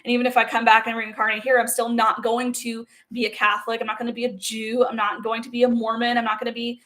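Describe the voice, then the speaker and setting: A woman's voice: on the high side, level tone, fast, fairly bright tone. A young woman talking straight to camera in a casual, blunt and profane monologue, stressing points and checking in with the listener. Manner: blunt and profane, emphatic with frequent "okay?" check-ins. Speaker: spiritual content creator.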